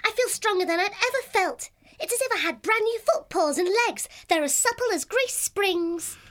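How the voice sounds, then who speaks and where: A man's voice: very high voice, lively intonation, moderate pace, a bit bright, pitched above the performer's own voice. A male narrator voicing a cheerful, eager young female hare in an audiobook, with a chirpy, old-fashioned manner. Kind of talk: audiobook character voice.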